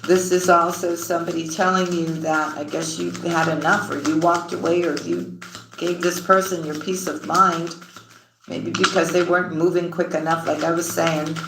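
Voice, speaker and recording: A woman's voice: fairly low pitch, level tone, normal speed, roomy sound, background noise. A woman giving a tarot reading, chatty and affectionate, calling her viewers sweetheart and honey. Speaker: tarot reader. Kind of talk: tarot reading and livestream shout-outs.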